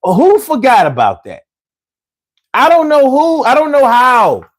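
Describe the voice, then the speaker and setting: A man hosting a casual livestream, reading chat and talking in street slang, swinging from low mutters to loud exclamations. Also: wildly swooping pitch, measured pace. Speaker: livestream host. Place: home.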